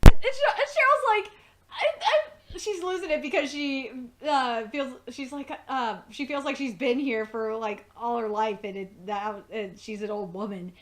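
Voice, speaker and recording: A woman's voice: fairly high pitch, a little slow, a little hiss or hum. A woman casually recapping a TV episode, rambling and profane, full of fillers. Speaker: TV episode reviewer.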